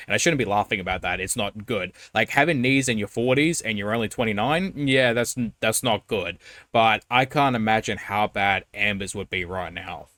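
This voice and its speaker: A young man in his twenties comments on a video in a blunt, exasperated way and swears freely. His voice sits a little low. The recording is close and dry, with no room sound. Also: fairly bright tone, no echo. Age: 20s. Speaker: reaction video host. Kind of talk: casual commentary.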